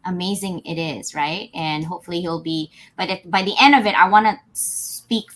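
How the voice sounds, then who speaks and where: A woman co-hosting a live talk show, bubbly and animated, and she laughs often as she tells stories. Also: on the low side, moderate pace. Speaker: co-host. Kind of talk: casual live show chat.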